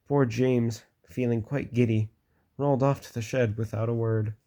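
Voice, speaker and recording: Male reader, children's book read aloud, plain and unhurried, mid-pitched voice. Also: fairly even intonation, warm tone. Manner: plain, unhurried reading with casual asides.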